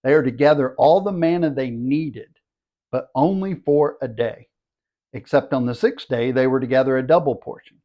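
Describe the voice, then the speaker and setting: An older man, a Bible teacher, reads scripture aloud and then explains it in a steady, explanatory teaching tone. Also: mid-range voice, normal speed, highs cut off. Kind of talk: scripture reading and commentary.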